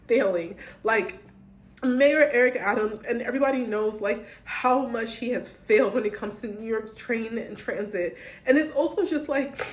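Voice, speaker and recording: A woman's voice: high-pitched, echoey room, rough recording. A young woman telling a frightening personal story to camera, shaken and full of restarts. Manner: shaken, talks fast with many likes and restarts. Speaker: vlogger.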